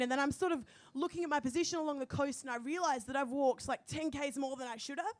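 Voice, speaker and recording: A young woman with an Australian accent tells a comic personal story in a lively, profane way. Her voice sits high and the sound is close and dry, with no room around it. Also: quick pace, dry recording. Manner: animated, swearing, quoting herself. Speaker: storyteller guest.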